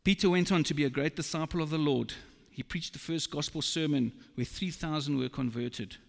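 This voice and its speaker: Man, preacher, gravelly voice, slow emphatic sermon, reverberant hall. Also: fairly high pitch. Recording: long reverb of a large hall.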